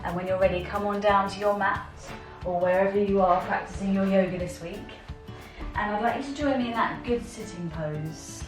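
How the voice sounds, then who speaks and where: A woman's voice: medium pitch, moderate pace, reverberant, recorded from a distance, music in the background. A woman teaching an online yoga lesson for children, encouraging them step by step.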